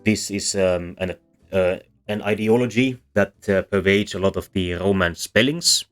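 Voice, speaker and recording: Man, very low voice, teaching in voice-over; hesitant, lots of ums and restarts, soft music underneath. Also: moderate pace. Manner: hesitant, many fillers and restarts. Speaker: language history explainer. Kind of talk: explanatory voice-over lesson.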